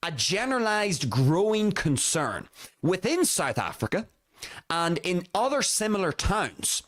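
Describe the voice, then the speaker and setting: A solo podcast host reads a news summary aloud, then breaks off with exclamations and quick asides. The pitch swings widely from line to line. The speaking pitch sits mid-range. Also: big pitch swings, a bit bright. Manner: laughs between serious remarks.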